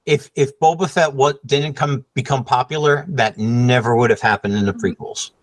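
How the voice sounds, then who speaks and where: A man's voice: mid-range voice, moderate pace, dry recording. A man co-hosting a podcast in casual chat, explaining his ideas thoughtfully with a shifting pace. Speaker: podcast co-host.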